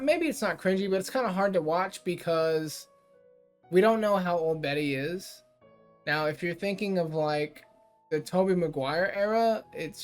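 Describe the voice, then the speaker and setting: A man casually reviewing a cartoon episode, rambling through the plot with lots of fillers and quick paraphrased quotes from the characters. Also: on the high side. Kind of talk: casual spoken review recap.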